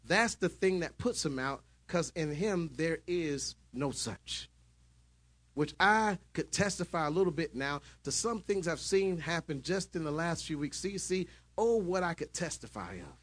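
A man preaching a sermon in church, shouting at his peaks and dropping into calmer storytelling. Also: fairly high pitch, measured pace.

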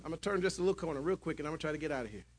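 A man preaching a sermon in church, shouting at his peaks and dropping into calmer storytelling. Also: on the high side, rapid-fire.

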